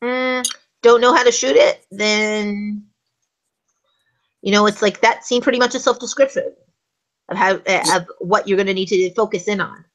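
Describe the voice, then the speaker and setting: A woman's voice: mid-range voice, fairly even intonation, normal speed, pauses often, low-quality recording. Woman, co-host, casual talk, long explanations, acts out script lines. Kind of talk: casual talk show discussion.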